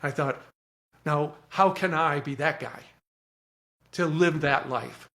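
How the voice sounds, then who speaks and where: A man speaking as a podcast guest, telling stories in an earnest, animated way and often repeating words as he starts a thought. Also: on the high side, takes it slowly. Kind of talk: reflective storytelling.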